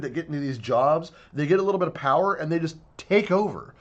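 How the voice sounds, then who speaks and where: A man's voice: a little high, lively intonation, quick pace, few pauses. A man giving a heated, profane video commentary rant, sounding exasperated. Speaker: online commentator.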